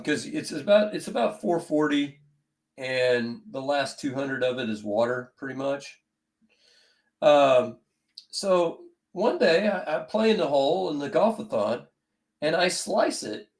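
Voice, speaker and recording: A man co-hosting a casual sports podcast, talking in a calm, measured, conversational way. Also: on the high side.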